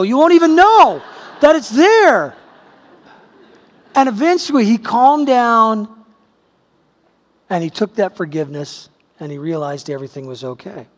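A middle-aged pastor with a high-pitched voice preaches a sermon, telling a personal story conversationally that builds to emphatic peaks. The recording has a big-room sound.

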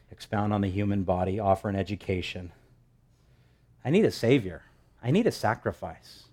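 Emphatic male pastor preaching. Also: lowish voice. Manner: emphatic, rising to loud stresses. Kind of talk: sermon.

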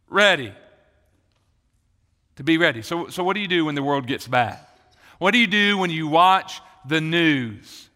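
A man's voice: fairly high pitch, bright, forceful tone. A male pastor preaching a sermon with emphatic repetition of key phrases, recorded in a church hall. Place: church sanctuary. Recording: long reverb of a church hall.

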